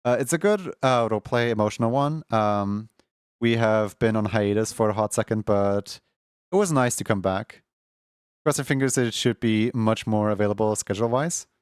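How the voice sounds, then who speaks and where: A man's voice: on the low side, moderate pace, clear, resonant tone, no room sound, clean studio sound. A young man streaming at home in casual chat, rambling with lots of filler words and frequent laughs. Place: home room.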